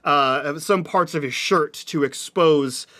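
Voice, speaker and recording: A man's voice: a little high, slow, pushed and bright. A man narrating as game master of a tabletop game, rambling and laughing as he goes. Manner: rambling, many fillers and restarts, laughs often.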